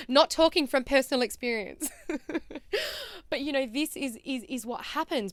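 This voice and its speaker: A woman in her thirties with an Australian accent, hosting a podcast and telling a personal story in a chatty, animated way with fillers. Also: fairly high pitch, clear, resonant tone, dry recording. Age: 30s. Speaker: podcast host.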